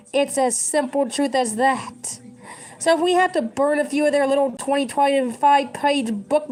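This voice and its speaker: Thirties woman, community educator type, fired-up preachy monologue, somewhat high voice. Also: darkish tone. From United States. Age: 30s. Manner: urgent, scolding, preachy. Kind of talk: impassioned political rant to camera.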